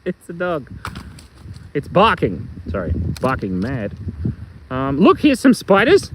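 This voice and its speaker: Middle-aged Australian host, high animated voice, joking casually on a live phone stream outdoors. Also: male voice, slow, slight background noise, poor audio. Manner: playful, rambling, tells jokes and reads chat aloud. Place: outdoors in the bush.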